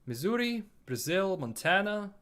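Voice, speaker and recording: A man's voice: high voice, big pitch swings, unhurried, a bit bright. A man from Bosnia with a Bosnian accent, casually reading viewer comments aloud and answering them on a live stream.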